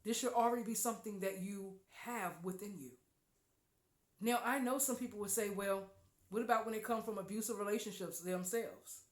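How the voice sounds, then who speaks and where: A woman hosting a podcast, giving an emphatic, preachy spiritual talk with loud exclamations. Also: mid-range voice, steady tone, normal speed, roomy sound. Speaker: podcast host.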